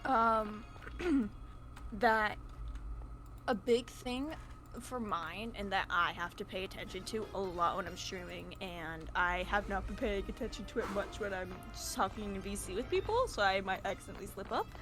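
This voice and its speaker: A woman's voice: mid-range voice, moderate pace. A woman streamer chatting casually from home, rambling with lots of fillers and restarts. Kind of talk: casual chat. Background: music.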